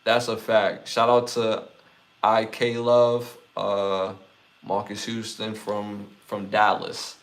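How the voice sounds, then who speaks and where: A man with a Brooklyn accent hosting a casual live podcast, reading out chat comments and giving shout-outs in a laid-back way. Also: fairly low pitch, little pitch movement, takes it slowly. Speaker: podcast host.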